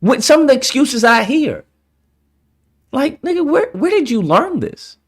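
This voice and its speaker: Exasperated man ranting, pitch all over. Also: very animated, measured pace, husky. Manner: heated, exasperated, profane. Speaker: online commentator. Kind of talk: ranting commentary.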